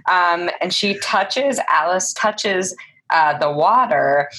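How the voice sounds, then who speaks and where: A young woman co-hosting a casual chat, animated and full of fillers, swearing now and then. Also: lowish voice, slow pace. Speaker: podcast co-host.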